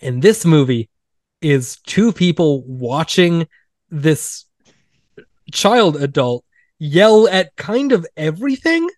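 A podcast host, a man whose voice sits a touch high, talks in a loose, wry way and keeps slipping into mocking quoted line readings. The sound is close and dry with no room echo. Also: expressive, slow, a little mellow. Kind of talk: casual film discussion.

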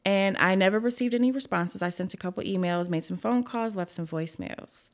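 A woman's voice: mid-range voice, fairly quick. A woman hosting a casual true crime podcast, telling the case bluntly with frank, profane asides.

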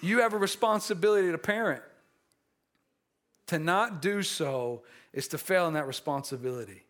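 A man preaching a sermon, telling a personal story with many restarts and repeated words, moving between animated and quiet, earnest passages. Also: on the high side, normal speed. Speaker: pastor.

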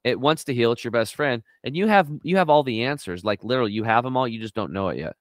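Restless and eager, a middle-aged guest on a health talk show tells his story in an interview, his smooth, resonant voice swinging up high with big pitch jumps whenever he acts out what someone said. He speaks fast, and the recording is dry and close with no room sound.

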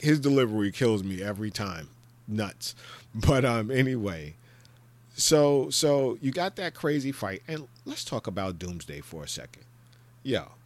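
A man hosting a solo podcast, giving a rambling, jokey and profane rant of pop-culture commentary. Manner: breaks into loud high-pitched impressions. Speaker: podcast host.

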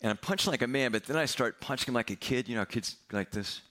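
A man's voice: mid-range voice, fast, fairly bright tone. Male pastor, middle-aged, sermon storytelling, candid, self-mocking, wry humor.

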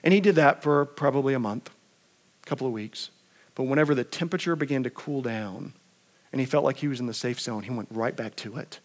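A male pastor with a mid-range voice preaches a conversational sermon at a brisk pace, posing rhetorical questions and frequently repeating words.

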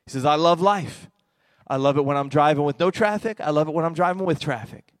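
A middle-aged man preaching a lively sermon as pastor, swinging between quiet, intimate stretches and loud, excited ones. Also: a little high, brisk, no echo.

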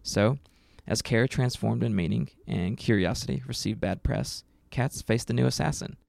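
A man hosting a show, narrating a scripted segment in a wry, measured way. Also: medium pitch, gravelly, a little mellow, no room sound. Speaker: podcast host.

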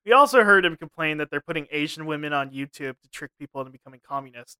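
A man's voice: a little high, animated, fast, bright, forceful tone, clean tone, no room sound. A man co-hosting a comedy podcast, laughing often and ranting in mock seriousness. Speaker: podcast co-host. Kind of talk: casual comedy chat.

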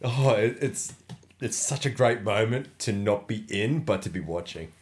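Amused, relaxed male co-host. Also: lowish voice, unhurried. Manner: relaxed and amused, chimes in with reactions. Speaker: podcast co-host. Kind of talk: casual chat.

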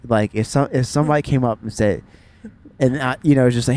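A man's voice: mid-range voice, quick pace. A man co-hosting a casual podcast, telling a funny story with lots of laughter and acted-out quotes. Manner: animated storyteller who laughs a lot. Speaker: podcast co-host. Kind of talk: casual chat.

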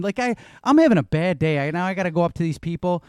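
A man's voice: high voice, expressive, fast talker, a little mellow, clear, resonant tone, dry recording, clean studio sound. A man telling loose, rambling stories in casual chat, swearing now and then.

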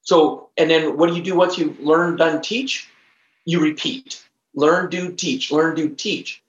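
A man in his fifties, a trainer guesting on a podcast, tells a story with animated emphasis and acts out the dialogue in his own voice. His voice sits a little high for a man. The recording sounds roomy and a bit dull. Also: unhurried.

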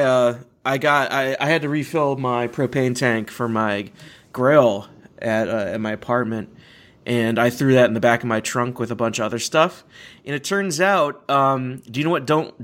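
A young man hosts a casual chat podcast. He rambles, corrects himself mid-sentence and laughs often at his own stories. His voice sits at a middling pitch. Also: fairly bright tone. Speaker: podcast host.

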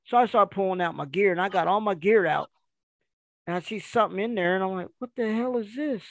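High-voiced gravelly guy rambling through a story, dry close sound. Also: fast talker, dry recording. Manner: rambling, animated retelling with quoted dialogue. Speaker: guest storyteller. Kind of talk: casual storytelling.

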